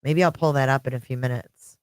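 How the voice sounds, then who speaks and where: A woman's voice: very deep voice, fairly even intonation, a little fast, clear, resonant tone, dry recording. A middle-aged woman hosting a casual livestream, chatting with viewers and greeting them by name. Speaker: livestream host. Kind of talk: casual live-chat stream.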